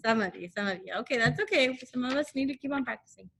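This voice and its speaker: A woman teaching a recorded phonics lesson to second graders, repeating letter sounds slowly so the children can echo her, with frequent encouraging check-ins. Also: fairly high pitch, fairly bright tone, slight background noise. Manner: encouraging, checks in often with "okay?".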